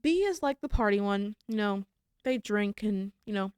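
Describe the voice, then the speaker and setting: A woman's voice: medium pitch, animated, moderate pace, darkish tone, smooth, no room sound, clean studio sound. A young woman from Florida, co-hosting a podcast in casual, rambling chat. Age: young adult. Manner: chatty, rambling storyteller. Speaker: podcast co-host.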